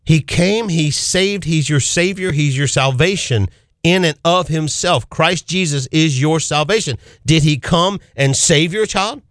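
A man hosting a call-in radio show, preaching with fervent, rapid-fire rhetorical questions from a studio. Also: on the high side, fairly bright tone, dry recording. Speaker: radio talk show host.

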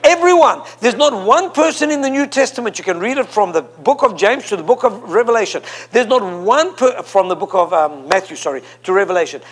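Man preaching, very high voice, emphatic, repeats phrases, call and response with congregation. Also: animated, brisk, few pauses. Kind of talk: sermon. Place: church before a congregation.

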